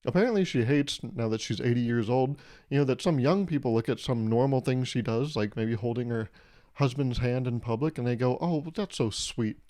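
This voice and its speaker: A man's voice: medium pitch, a little fast, warm tone. A young man hosting a podcast, rambling through a wry comedic monologue and swearing casually. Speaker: podcast host.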